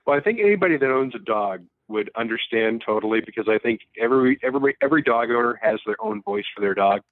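A man's voice: medium pitch, big pitch swings, fast talker, no room sound. Man on a tinny phone line. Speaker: caller. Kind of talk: casual phone chat.

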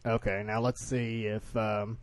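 A man's voice: lowish voice, flat delivery, a little hiss or hum. A man with a Southern US accent, co-hosting a casual chat show and trading jokes. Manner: joking, teasing, quick banter. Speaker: podcast co-host.

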